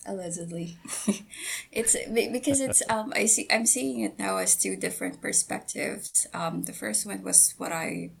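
A woman guest on a podcast, talking hesitantly with many pauses and fillers, and giggling. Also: mid-range voice, expressive, vocal fry, husky. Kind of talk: casual podcast chat.

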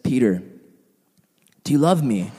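A man voicing Jesus, asking a follower soft, probing questions. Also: mid-range voice, very animated, unhurried, long reverb tail. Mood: questioning. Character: gentle questioning male teacher Jesus.

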